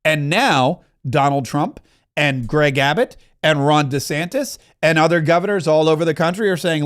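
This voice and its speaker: Fiery high-voiced male political host. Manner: fast, heated ranting with asides. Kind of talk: opinionated political commentary.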